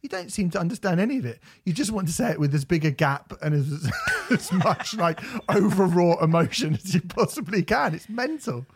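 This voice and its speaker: A man co-hosting a podcast, telling animated stories in casual chat, swearing and laughing often. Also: high-pitched, brisk, few pauses, husky. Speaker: podcast co-host.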